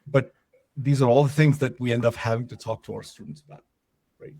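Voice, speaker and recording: A man's voice: mid-range voice, steady tone, brisk, mellow, no room sound. A man presenting a webinar, talking loosely with lots of fillers and asking if things make sense. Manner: loose and conversational, many fillers and checks for understanding. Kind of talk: casual webinar talk.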